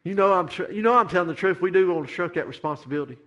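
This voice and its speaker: Bright-voiced preacher in full swing. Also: male voice, high voice, very fast, lo-fi sound. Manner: rising to fervent shouted climaxes, repetitive preaching cadence. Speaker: pastor. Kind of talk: sermon.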